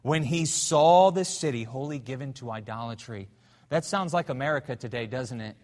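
A man preaching a sermon as pastor in a church, telling a story fervently, swinging between loud and hushed. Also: medium pitch, normal speed, in a large hall. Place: church sanctuary.

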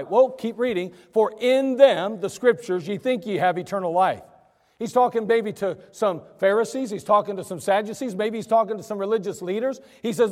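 A high-pitched man delivers a sermon in a church. He preaches in an animated way, putting questions to his listeners and answering them himself. The hall around him adds a long reverb. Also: brisk. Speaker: pastor. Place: church sanctuary.

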